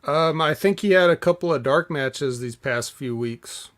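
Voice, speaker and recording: Bright-voiced man with teasing quips. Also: a little high, unhurried. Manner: dry, teasing comebacks. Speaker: podcast co-host. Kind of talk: casual chat.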